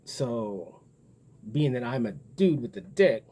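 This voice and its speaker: A man's voice: mid-range voice, big pitch swings, takes it slowly, warm tone. A man talking in a casual, rambling monologue, blunt and profane as he muses aloud. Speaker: vlogger.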